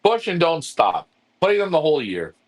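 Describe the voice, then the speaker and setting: A man's voice: a little high, wildly swooping pitch, normal speed. A man, co-hosting a live pigeon-club stream, ranting bluntly and repeating himself when fired up. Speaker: pigeon racing club co-host.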